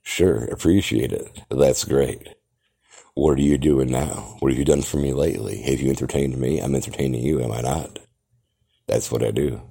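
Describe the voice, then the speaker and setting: A man's voice: a bass voice, normal speed, creaky, dark tone, breathy edge. A man hosting a podcast, delivering a grandiose, theatrical monologue that lectures the listener. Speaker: podcast host. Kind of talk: grandiose self-promoting monologue.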